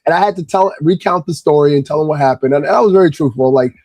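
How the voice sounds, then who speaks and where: A man from Irvington, New Jersey, telling a casual story as a guest, calm and subtle, then rising in energy. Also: on the high side, fast talker, dry recording, poor audio. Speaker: guest, kids' Lego class instructor.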